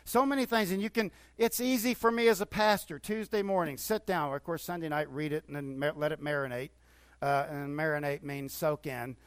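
High-voiced pastor preaching, bone-dry sound. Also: male voice, no room sound. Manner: conversational preaching with rising bursts of enthusiasm. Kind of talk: sermon.

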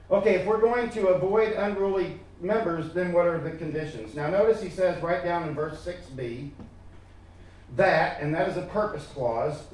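A man with a fairly high voice preaches a sermon, pressing his points emphatically and often doubling back on his words. He sounds far from the mic in a very echoey church, with faint room ambience underneath. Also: a little mellow. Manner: emphatic, repeats words, addresses listeners directly. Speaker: pastor.

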